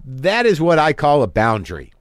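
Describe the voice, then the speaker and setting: A man's voice: on the high side, huge pitch swings, normal speed, no echo, studio quality. A man hosting a podcast, talking candidly and profanely, mocking himself and acting out both sides of imagined spats. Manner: self-deprecating, profane, acts out both sides of imagined arguments. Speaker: podcast host. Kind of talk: candid monologue and chat. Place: home studio.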